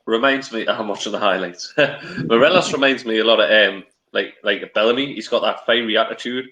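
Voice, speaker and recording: Lively man chatting football. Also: lowish voice, fairly quick, dull audio. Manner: rambling, opinionated, many restarts. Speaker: co-host on a live match-day fan stream. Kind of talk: casual opinionated football chat. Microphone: video call.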